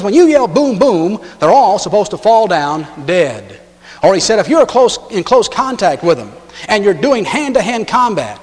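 A man with a high voice preaches a sermon. His words ring out with a long hall reverb. He tells stories and punches some lines out loud. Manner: storytelling, acts out lines with sudden loud shifts. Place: church.

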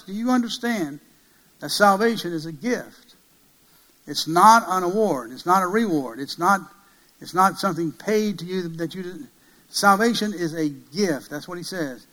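Emphatic preacher man, slightly high voice. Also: animated, normal speed, poor audio. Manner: emphatic, swings between loud peaks and hushed low passages; asks the listeners many rhetorical questions. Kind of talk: sermon.

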